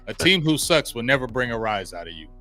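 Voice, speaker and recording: A man hosting a sports podcast, talking in a casual, slangy, animated way and laughing often. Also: medium pitch, fast talker, soft background music. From Ohio. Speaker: podcast host.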